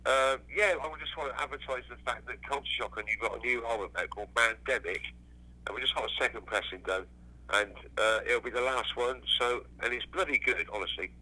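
Englishman guesting on an interview, bright edgy timbre, rambling and profane. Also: medium pitch, brisk, rough recording. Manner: swears freely, rambling with restarts. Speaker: musician guest. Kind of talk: casual interview chat.

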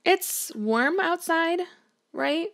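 Giggly woman with a gravelly edge. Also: very high voice, animated, very slow, fairly bright tone. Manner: chatty, giggly, talks to her game characters. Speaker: gameplay streamer. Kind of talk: casual let's-play commentary. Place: home room.

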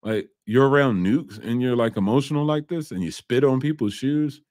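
A man's voice: mid-range voice, normal speed, darkish tone, no room sound, clean studio sound. A man hosting a reaction show, ranting bluntly and mockingly about a clip, with frequent swearing. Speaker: host reacting to a documentary.

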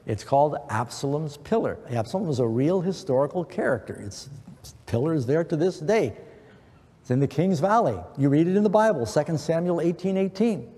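A man's voice: fairly high pitch, expressive, fairly quick, warm tone. A middle-aged man preaching an earnest sermon, quoting scripture with emphasis. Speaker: pastor. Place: church. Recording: long church reverb.

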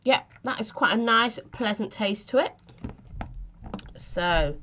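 A woman's voice: a little high, animated, slow, bright, forceful tone, a little hiss or hum. A woman chatting casually through a vape flavour review, giggly and self-mocking, with a cough from a chest infection.

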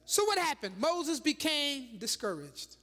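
High, bright-voiced woman preaching. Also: a little slow. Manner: animated, dramatic preaching with rhetorical questions and laughing asides. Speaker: bishop preaching. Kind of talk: sermon. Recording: long reverb of a large church hall.

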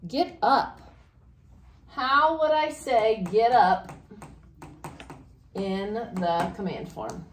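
A fairly high-voiced woman teaches a grammar lesson, walking through each step and asking her class questions. The room is echoey, with a faint hiss beneath her. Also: animated, extremely slow, long pauses. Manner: explains step by step, asks questions. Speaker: Spanish teacher.

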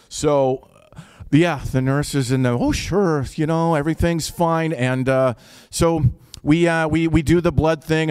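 A man's voice: mid-range voice, a little mellow, clear, resonant tone, no room sound, studio quality. A man with an Upper Midwest accent telling a personal story live, in a casual, wry, profane way.

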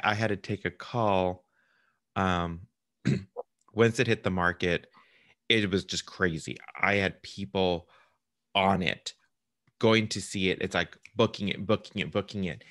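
A man's voice: deep voice, fairly bright tone, no room sound, studio quality. A man, a realtor, telling a client a story in casual chat, acting out the voices of people on the phone. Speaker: realtor hosting a client interview.

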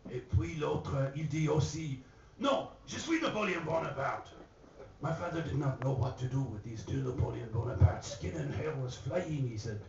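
A man's voice: mid-range voice, moderate pace, vocal fry, hardly any pauses, noisy background. Man telling a joke in a pub. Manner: rambling anecdotal delivery with mock French phrases. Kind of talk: live pub storytelling. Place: pub, live. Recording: distant, roomy, dull live pub recording.

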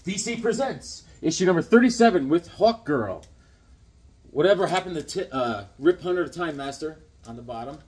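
A man's voice: on the high side, lively intonation, normal speed, a little mellow, breathy edge. A middle-aged man chatting casually about comics he got, rambling with enthusiasm and acting out voices as he tells stories. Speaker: comic collector vlogger. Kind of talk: casual unboxing chat with stories.

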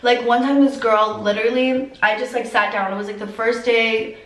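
A teenage girl vlogger telling a personal story through tears, filler-heavy and halting. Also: on the high side, fairly even intonation, a bit bright, reverberant, recorded from a distance, poor audio. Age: teens. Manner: tearful, heavy use of "like". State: crying. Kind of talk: emotional storytime.

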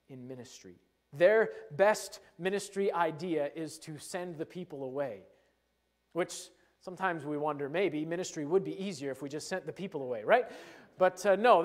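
High-voiced man preaching a sermon. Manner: emphatic, drops to soft low endings on key phrases; acts out the disciples' worries in a fretful voice. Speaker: pastor.

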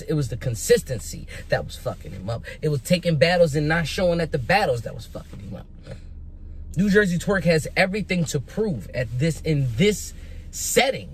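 A young man giving casual, hyped commentary as a vlogger, animated and emphatic, with rhetorical questions and repeated words. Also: high-pitched. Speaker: vlogger making predictions.

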